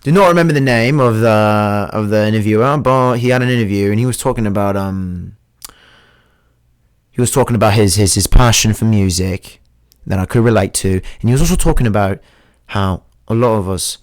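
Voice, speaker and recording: A young man hosts a solo comedy podcast in a slightly low voice, talking in a put-on accent that is half British and half Australian. He rambles crudely and pokes fun at himself. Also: fairly quick, clear, resonant tone. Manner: crude, rambling and self-mocking. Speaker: host. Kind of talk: joking solo podcast monologue.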